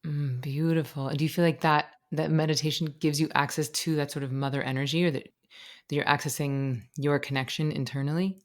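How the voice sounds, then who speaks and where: A woman's voice: low voice, fairly even intonation, fairly quick. A woman speaking as a podcast guest and meditation teacher, explaining ideas expressively through analogies and stories. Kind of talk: conversational interview.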